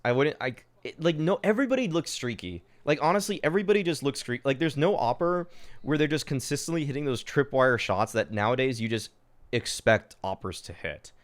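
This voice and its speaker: A young man with a smooth, resonant voice comments on an old match during a live stream. He talks casually and swings quickly between disbelief and exasperation, peppering his lines with fillers and mild swearing. His pitch sits in an ordinary middle range. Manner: excitable, exasperated, swears, many fillers like "dude".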